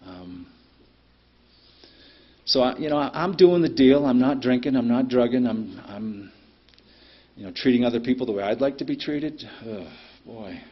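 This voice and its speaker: Husky middle-aged man sharing at a meeting. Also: mid-range voice, lively intonation, normal speed, long pauses. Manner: plainspoken, frequent ums, blunt cursing. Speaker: speaker at a recovery meeting. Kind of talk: personal recovery share. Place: meeting room. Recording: dull lo-fi meeting recording.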